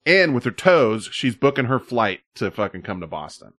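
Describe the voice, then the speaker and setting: A man's voice: medium pitch, very animated, moderate pace, fairly bright tone, no echo. A man co-hosting a stream in rambling, casual talk, swearing often, with loose asides and fillers. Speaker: stream co-host. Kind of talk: casual profane chat.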